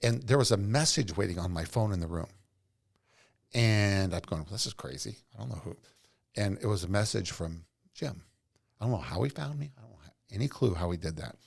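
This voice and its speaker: Deep, gravelly middle-aged man. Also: expressive, a little fast. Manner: earnest, rambling anecdotes. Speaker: podcast guest, entrepreneur. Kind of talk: casual storytelling interview.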